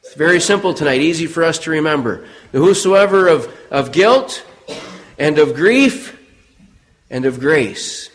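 A middle-aged American preacher delivers his sermon in an earnest, storytelling way. His voice sits fairly high, and on the solemn words it sinks low and goes quiet. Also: lively intonation, measured pace, poor audio.

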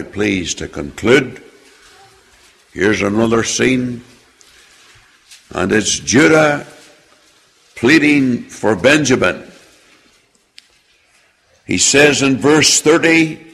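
Slow gravelly preacher in a hall. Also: male voice, expressive. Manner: slow, emphatic delivery, drops low and quiet at phrase ends. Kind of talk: sermon with scripture reading. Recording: long hall reverb.

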